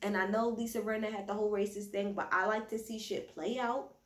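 A woman's voice: medium pitch, fairly even intonation, a little fast. A woman giving a casual, profanity-laced recap while a little tipsy, recorded at home without a proper mic. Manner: slangy, profane, chatty. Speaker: reality TV recapper. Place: at home indoors. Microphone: built-in device mic, no external mic. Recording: roomy echo, no proper mic.

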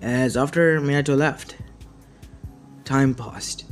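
Man reading a fan story over music. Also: medium pitch. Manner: plain, halting reading with restarts.

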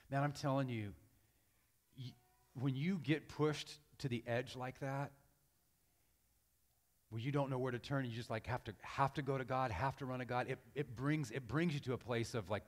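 A middle-aged man preaching a sermon in a church sanctuary, his mid-pitched voice carrying a long hall echo. He talks like he is chatting with the congregation, restarting phrases often, and leans in with more force as he makes his point. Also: normal speed. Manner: conversational storytelling, many restarts, rising louder when preaching. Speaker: guest pastor. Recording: reverberant hall.

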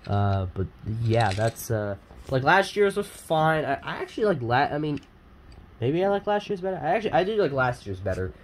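A man's voice: a little high, sing-song, normal speed, a little hiss or hum. A man chatting casually as he unboxes die-cast cars, rambling with lots of fillers and self-corrections. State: sniffly. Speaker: die-cast collector and YouTuber.

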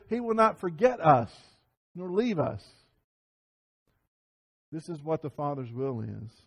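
A man preaching a Sunday sermon to his congregation, often repeating and restarting words and building to loud emphatic peaks. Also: fairly high pitch, very animated, takes it slowly, pauses often, husky. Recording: sermon audio over slides.

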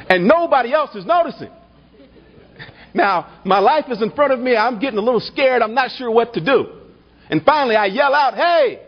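Male political speaker with a high, husky voice and a stirring, refrain-heavy delivery, on a dull lo-fi banquet recording. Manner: builds to rhetorical refrains, tells a humorous anecdote. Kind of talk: rousing political dinner speech. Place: banquet hall at a party dinner.

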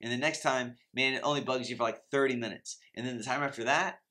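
A man's voice: medium pitch, fairly even intonation, fast talker, sharp tone. A man in his thirties teaching in an earnest, emphatic way, often acting out the prayers and reactions of believers. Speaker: Christian finance teacher. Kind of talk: motivational faith teaching.

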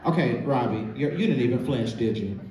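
A man's voice: medium pitch, animated, a little fast, a little mellow, muffled recording. Sassy man hosting a stage show. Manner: sassy, teasing, laughing often. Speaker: host of a live drag show. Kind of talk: live stage banter with audience member. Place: large theater stage. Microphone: filmed from the audience on a phone. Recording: echoey theater recorded from far off with crowd noise.

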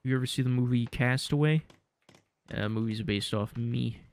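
A man's voice: mid-range voice, normal speed. Sarcastic joking male game streamer. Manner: sarcastic, deadpan joking, laughs at his own jokes. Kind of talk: casual gameplay commentary.

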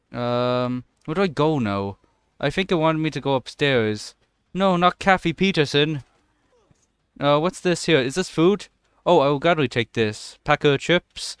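A young man giving a casual, jokey let's-play commentary, excitable and swearing often as he plays. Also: medium pitch, clean tone, no room sound, clean studio sound. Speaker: gaming channel host.

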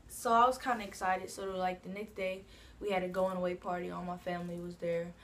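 Speaking fairly quickly with a lowish voice and flat delivery, a woman from New Jersey tells a casual storytime on her own channel, over a slight hiss or hum. She rambles and keeps adding lines like "you know what I'm saying".

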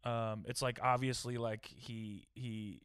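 A man's voice: mid-range voice, fairly even intonation, slow, fairly bright tone, smooth, no echo. A man guests on a casual comedy podcast. He rambles and fills his talk with "like", in a mid-range voice. The sound is dry and close. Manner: rambling, heavy use of "like".

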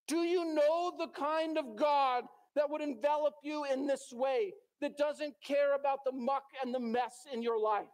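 A man's voice: extremely high pitch, steady tone, measured pace, a little mellow. A male pastor preaching a sermon in a church, telling a story dramatically and acting out the characters' lines.

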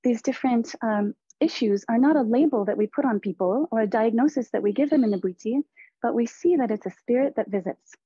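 A woman giving a slow, deliberate, earnest spiritual lecture to therapists over a video call. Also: on the high side, dark tone, slightly rough, no echo. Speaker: presenter on a teaching panel. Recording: dull lo-fi video call audio.

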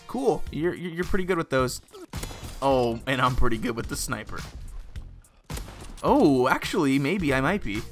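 A young man giving excitable, exclaiming, self-mocking commentary while he plays a shooter game. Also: medium pitch, gravelly. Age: young adult. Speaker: gaming video host. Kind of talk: live gameplay commentary.

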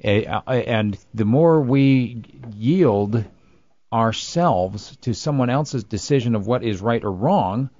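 A man's voice: medium pitch, expressive, slow pace, a little mellow, no room sound. Radio host guy taking calls, mid voice, kinda muffled lo-fi sound. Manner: conversational, takes calls with short greetings. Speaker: radio talk show host. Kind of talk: call-in radio talk. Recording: dull lo-fi radio broadcast.

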